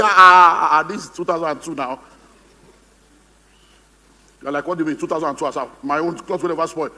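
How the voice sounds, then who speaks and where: A man's voice: high voice, bright, forceful tone, long reverb tail. A man with a Nigerian English accent, giving a humorous, theatrical seminar talk as a motivational speaker, acting out the voices he quotes. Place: conference hall on stage.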